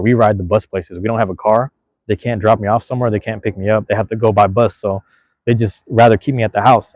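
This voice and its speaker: Young guy from seattle rattling off a story fast, cussing and slangy, dry sound. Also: on the low side, a little mellow, dry recording. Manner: laid-back, profane, slangy. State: out of breath. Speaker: podcast host. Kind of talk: casual storytelling.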